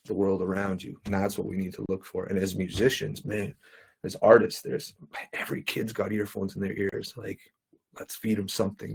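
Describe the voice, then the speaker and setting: A man's voice: sits low, creaky, husky, rough recording. A man speaking as a panel guest, earnestly telling a personal story in a conversational way and acting out the voices of people he quotes.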